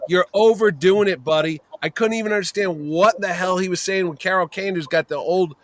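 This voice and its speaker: Exasperated, ranting man with a high voice. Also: fairly quick. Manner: ranting and exasperated, mild swearing. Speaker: podcast co-host. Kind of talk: casual review chat.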